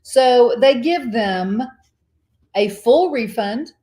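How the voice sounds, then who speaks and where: A woman's voice: on the high side, drawn-out words. Chatty woman in an echoey room. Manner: chatty, animated storyteller, laughs often. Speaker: co-host of a cruise vlog live show. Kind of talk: casual live-stream chat.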